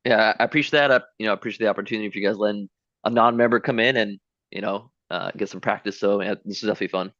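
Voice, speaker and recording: A man on a video call as a guest salesperson, halting and humble, repeating words as he talks. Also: lowish voice, fairly even intonation, fairly bright tone, dry recording. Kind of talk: casual video call chat. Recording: dull lo-fi call audio.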